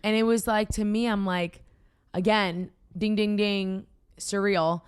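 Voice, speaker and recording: A young woman with a Boston accent hosting a casual chat podcast, telling rambling, excited stories full of fillers. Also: mid-range voice, measured pace, smooth. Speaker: podcast host.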